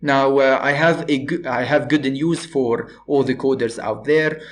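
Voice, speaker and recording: A man at a mid-range pitch talks through a software tutorial, pausing often with filler sounds. He explains each step patiently, as if walking a student through the screen. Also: steady tone, slight background noise. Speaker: robotics instructor.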